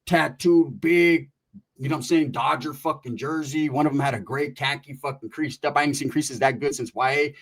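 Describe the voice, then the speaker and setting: Middle-aged guy from california spinning a crude funny story, lots of slang and swearing, kinda high pitched. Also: slightly rough. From Merced, California. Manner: animated, profane and slangy, quick asides to the listener. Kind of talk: casual comic storytelling.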